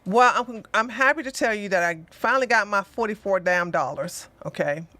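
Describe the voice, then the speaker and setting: A bright-voiced woman, talking to her viewers in a loose, rambling way. Her delivery swings between a slow, low drawl and sudden high, lively outbursts. The sound is dry and close, with almost no room. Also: dry recording. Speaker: channel host. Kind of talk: rambling casual livestream chat.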